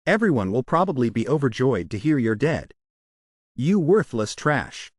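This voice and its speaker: A man's voice: medium pitch, very animated, normal speed, no room sound. Man doing a cruel young bully, sneering and contemptuous, dry close sound. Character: brutal arrogant young male trainee bully.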